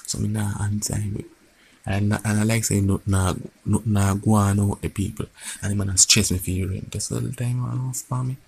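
Hushed man, gravelly, lowish voice, phone vlog, faint hum behind. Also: flat delivery, fairly quick. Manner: talks quietly, keeping his voice down. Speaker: vlogger. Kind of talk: casual chat to camera.

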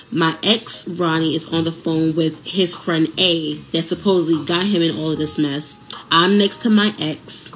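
Young woman spilling a story on her podcast, kinda low voice, lively and chatty, faint music behind. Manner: animated, conversational, many fillers and asides to listeners. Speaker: podcast host telling a personal story. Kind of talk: casual storytelling.

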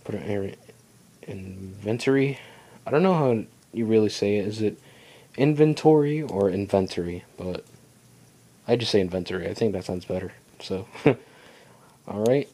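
Young male let's-play host, low voice, chatty and rambling self-talk. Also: normal speed, long pauses, mellow, breathy edge. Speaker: gaming channel host. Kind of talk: casual let's play commentary.

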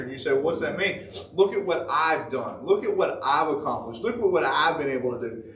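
Man, preacher, folksy sermon, slightly high voice, roomy echo, a bit off mic. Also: animated, moderate pace, a bit bright. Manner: folksy, repetitive, rising to fervent emphasis. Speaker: preacher giving a devotion. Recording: echoey room, voice from a distance.

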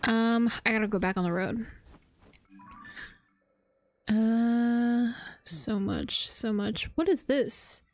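A woman streaming a video game, chatting casually and poking fun at herself as she thinks out loud. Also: fairly high pitch, takes it slowly, pauses often. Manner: chatty, self-deprecating, thinking aloud. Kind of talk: casual gameplay commentary.

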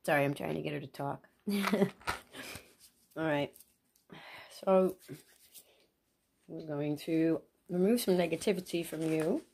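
Sick lady doing a chill asmr vlog at home, low croaky voice, slow, chatty. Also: a little mellow, a little hiss or hum. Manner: chatty, easily distracted by her pet bird. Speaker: ASMR vlogger.

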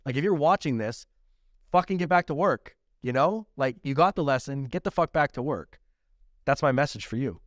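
A man's voice: medium pitch, expressive, a little fast, no echo, clean studio sound. A man co-hosting a podcast, giving blunt, profane motivational talk in a casual way. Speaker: podcast co-host.

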